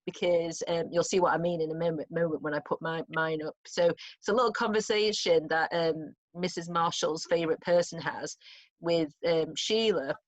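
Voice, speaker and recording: A woman's voice: low voice, steady tone, normal speed. A woman English teacher talking through a play in an informal revision chat, thoughtful and chatty. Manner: thoughtful, chatty, with restarts and small laughs. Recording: lo-fi muffled recording.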